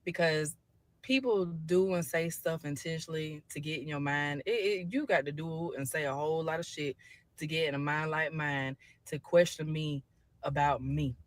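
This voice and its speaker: A woman's voice: deep voice, fairly even intonation, moderate pace, dry recording. A woman ranting in a selfie phone video, blunt, profane and defiant, talking straight at her viewers. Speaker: social media poster. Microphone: phone with camera filter.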